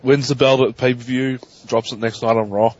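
A man co-hosting a podcast, telling stories in an animated, profane way. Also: mid-range voice, fairly quick. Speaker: podcast co-host. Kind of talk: casual podcast chat. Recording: dry, dull lo-fi mic.

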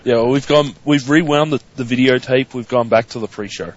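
A man's voice: mid-range voice, a little fast, dull audio. A man co-hosting a wrestling podcast, cocky and trash-talking. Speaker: podcast co-host. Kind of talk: casual wrestling podcast chat.

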